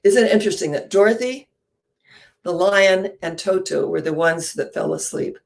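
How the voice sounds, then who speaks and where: Gravelly woman telling an inspirational story. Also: on the low side, moderate pace. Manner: animated, poses rhetorical questions. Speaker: inspirational speaker. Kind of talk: spiritual storytelling talk.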